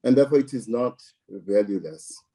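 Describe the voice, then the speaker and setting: A man from South Africa giving measured political commentary, deliberate and emphatic, repeating words for stress. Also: medium pitch, expressive, mellow.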